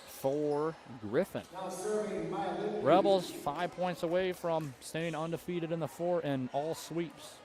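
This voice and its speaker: A young man calls a high school volleyball match in a brisk play-by-play manner, catching and correcting his own slips. His voice sits a little high. A faint hum of gym noise runs underneath. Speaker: play-by-play commentator. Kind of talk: high school sports commentary. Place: school gymnasium.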